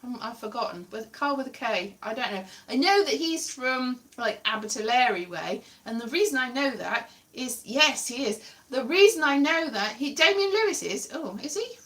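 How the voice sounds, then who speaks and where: A woman's voice: high voice, animated, normal speed, few pauses, fairly bright tone. A woman from Wales chatting casually on her livestream, rambling and correcting herself as she goes. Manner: chatty, digressive, self-correcting with frequent laughs. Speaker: livestream host. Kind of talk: rambling casual chat to viewers.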